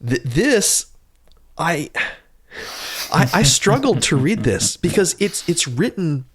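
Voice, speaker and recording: A man's voice: a little high, sing-song, slow, background noise. A man co-hosting a book discussion podcast, explaining his reading troubles hesitantly with many restarts. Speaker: podcast co-host.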